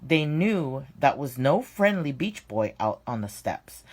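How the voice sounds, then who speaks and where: A woman reading a children's story aloud, with expressive, dramatic storytelling and slowed emphasis. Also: rumbling low.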